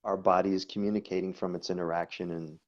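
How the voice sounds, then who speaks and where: A man, a guest coach, talking casually and telling stories in an animated way, often repeating words. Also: low-pitched, fast. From New York. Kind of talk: conversational storytelling. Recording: dull lo-fi audio.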